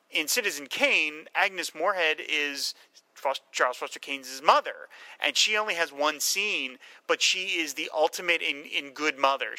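A man talking films with a very bright, forceful tone, lively and quick to act out scenes in little quoted voices. The recording is dry and close, with no room sound. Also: a little high, dry recording, low-quality recording. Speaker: film discussion co-host. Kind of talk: casual film discussion.

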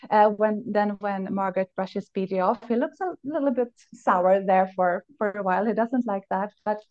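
A woman who is not a native English speaker, chatting casually and enthusiastically on a podcast, laughing often and jumping up in pitch when excited. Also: normal speed. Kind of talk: casual chat. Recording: dull lo-fi recording.

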